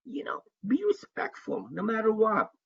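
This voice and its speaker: A man's voice: sits high, wildly swooping pitch, normal speed, gravelly, husky. A man presenting an online workshop as an advisor to international students, speaking earnestly and repeating his key points for emphasis. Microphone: video call. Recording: dull lo-fi webinar audio.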